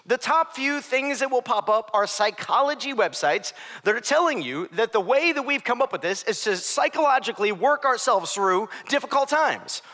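A man's voice: very high-pitched, lively intonation, normal speed, bright, forceful tone. A young adult man preaching a sermon as pastor, conversational with joking asides.

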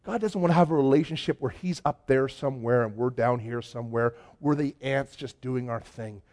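A man's voice: medium pitch, fairly quick. A man preaching a sermon, telling a story with rising energy. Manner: storytelling, builds from quiet to animated. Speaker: pastor.

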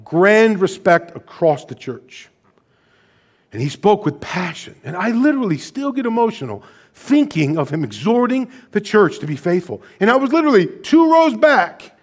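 Earnest high-voiced male pastor. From United States. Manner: earnest storytelling, emotional personal anecdotes. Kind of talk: sermon.

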